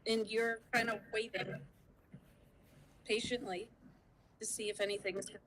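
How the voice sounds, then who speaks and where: A woman gives a tarot reading at a slow, unhurried pace, pausing and hesitating as she works out what the cards say. Her voice sits at an ordinary middle pitch, with faint background noise behind her. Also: fairly even intonation, a bit bright, poor audio. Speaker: guest tarot reader.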